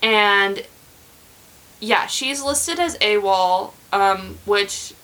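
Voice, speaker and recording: A woman's voice: medium pitch, drawn-out words, fairly bright tone, low-quality recording. A young woman hosting a podcast, telling a true crime story in casual chat, rambling with many fillers and restarts.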